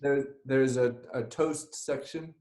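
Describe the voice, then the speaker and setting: A woman's voice: a bass voice, fairly even intonation, takes it slowly, warm tone. A woman playing a flustered, prickly festival announcer in a live improv comedy. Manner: confused and prickly. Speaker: improv performer. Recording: echoey room over a video call.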